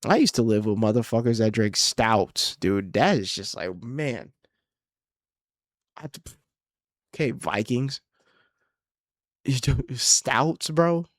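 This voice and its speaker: A man's voice: on the low side, unhurried, long pauses, no echo, clean studio sound. A young man hosting his own podcast, ranting casually and profanely, rambling and exasperated. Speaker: podcast host and comedian. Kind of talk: casual solo podcast rant.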